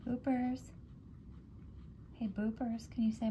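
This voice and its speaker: A woman at home filming her cat on a phone, coaxing it in slow, repetitive, sing-song baby talk. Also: fairly high pitch, fairly even intonation, warm tone, a little hiss or hum.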